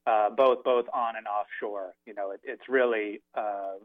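A male journalist answering a radio interview over the phone, measured and hesitant. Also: lowish voice, fairly even intonation, no room sound. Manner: measured, hesitant with many fillers. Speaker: guest journalist. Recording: tinny phone line.

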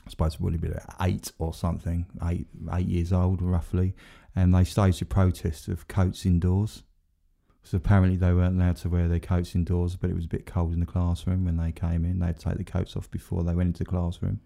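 Male co-host, deep and gravelly, loose rambling chat. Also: monotone, a little fast, warm tone. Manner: rambling, self-mocking, laughs often. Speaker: podcast co-host. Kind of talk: casual chat.

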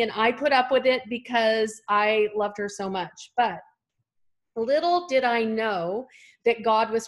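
A woman in her fifties, originally from California, telling a personal faith story as a guest in an interview. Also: fairly high pitch. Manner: earnest storytelling, acts out voices in quotes. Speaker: guest author and speaker. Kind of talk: personal testimony in a podcast interview.

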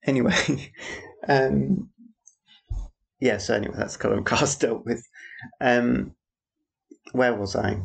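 A man's voice: mid-range voice, slow, vocal fry, long pauses, breathy edge. A man rambling through a personal audio diary, making dry, wry asides about passers-by. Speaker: theatre worker.

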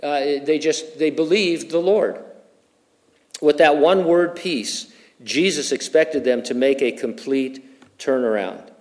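A middle-aged male pastor teaching through scripture in a relaxed, conversational sermon. His voice sits a little on the high side for a man, and he drops in light, joking asides between his points. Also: takes it slowly. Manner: conversational, with humorous personal asides. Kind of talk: expository sermon.

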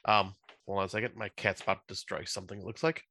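This podcast co-host, a man in his thirties, has a deep voice with fairly even intonation and a quick pace. His delivery sounds pushed and bright, with no echo, as he rambles easily through casual talk, saying "uh" a lot.

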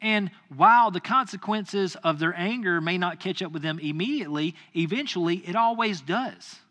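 A man's voice: high-pitched, moderate pace. A man in his thirties, a pastor, telling a personal story in a sermon and acting out his own angry lines. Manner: animated, acts out his own anger in quoted lines.

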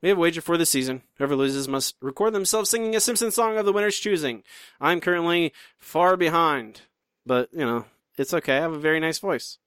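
A man's voice: a little high, a little fast, a bit bright, clean tone, dry recording, studio quality. Teasing, self-deprecating podcast co-host man. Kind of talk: casual chat.

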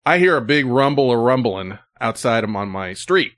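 A man, a live streamer telling a story to his chat in a casual, profane, animated way, full of "like" and "you know". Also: mid-range voice, normal speed.

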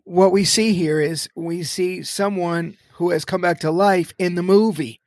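High-voiced, preacherly podcast host. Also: male voice, steady tone, measured pace, darkish tone, no echo, studio quality. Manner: emphatic, preacherly cadence. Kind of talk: podcast chat on Christian topics.

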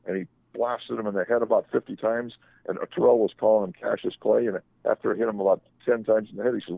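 A man's voice: fairly low pitch, steady tone, quick pace, vocal fry, dark tone, rough recording. An older man, a sports agent, telling rambling anecdotes on a radio talk show, often restarting his sentences.

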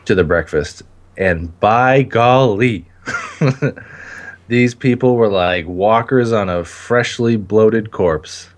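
Joking podcast host, lowish voice. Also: male voice, slow pace. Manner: joking, laughs often. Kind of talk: casual podcast chat.

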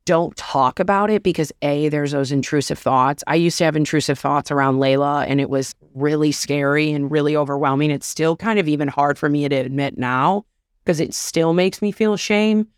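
A woman in her thirties, appearing as a podcast guest, talks openly and casually about motherhood, saying "like" a lot in a confessional way. Her voice sits low, with clean studio sound and no room noise.

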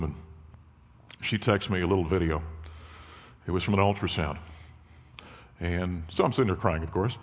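A man's voice: fairly low pitch, in a large hall. A man in his fifties giving a sermon as a guest speaker, telling personal family stories in a folksy way. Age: 50s. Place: church.

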